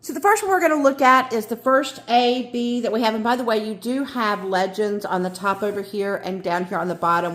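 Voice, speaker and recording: A woman's voice: lowish voice, a bit bright. A woman explaining things in a casual, friendly vlog. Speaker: diamond painting vlogger. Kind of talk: casual tutorial chat.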